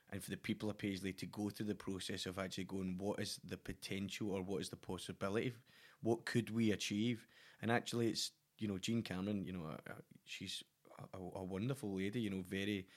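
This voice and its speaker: A middle-aged Scottish man in casual chat, enthusiastic and full of "you know" and restarts. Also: deep voice. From Scotland.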